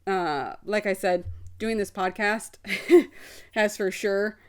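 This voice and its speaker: Smooth and a little mellow, a woman's medium-pitched voice moves slowly as she hosts her personal podcast. She talks candidly and expressively about her life, cursing casually, on a video podcast setup.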